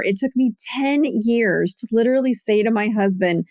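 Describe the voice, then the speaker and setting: A middle-aged woman hosting a podcast, telling a personal story in casual, animated chat and jumping into a higher voice when she quotes people. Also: normal speed, few pauses, no echo, clean studio sound. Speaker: podcast host.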